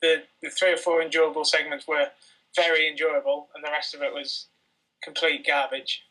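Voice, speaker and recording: A man's voice: a little high, flat delivery, normal speed, sharp tone, far from the mic, poor audio. A young man hosting a wrestling podcast in casual chat, dry and wry, reading out listener tweets. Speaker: podcast host.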